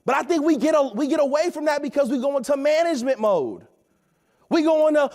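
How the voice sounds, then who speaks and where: A man in his thirties giving an energetic, preachy motivational talk at a company event, often asking "right?". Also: very high voice, a little fast.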